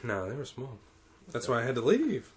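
A young man telling a story in casual chat, animated, swearing often. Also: mid-range voice, normal speed.

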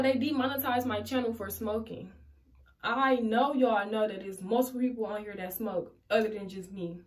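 A young woman vlogging casually, rambling to her viewers in slang and swearing freely. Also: a little high. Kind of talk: casual vlog talk to camera.

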